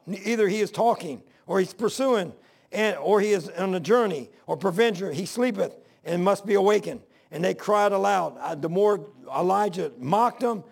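A man's voice: sits high, creaky, a little mellow. A man preaching a sermon, rambling between scripture readings and asides.

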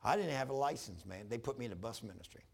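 A man's voice: medium pitch, fast, creaky. A man, a pastor preaching in a folksy, storytelling way, acting out the other voices in his stories. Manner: folksy storytelling with animated retold dialogue. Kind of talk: sermon.

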